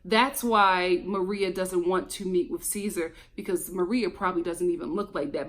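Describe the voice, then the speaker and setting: A woman giving a casual, animated commentary review of a reality show, chatting straight to her viewers. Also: mid-range voice. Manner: animated, chatty, exclamatory, addresses viewers as y'all.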